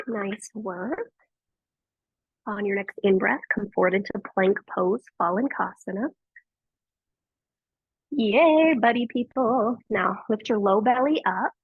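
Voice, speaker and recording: A woman teaching a yoga class, giving gentle and encouraging cues with frequent praise, on tinny phone-like audio. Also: medium pitch, slow pace, pauses often, slightly rough, dry recording. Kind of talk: guiding a live yoga class.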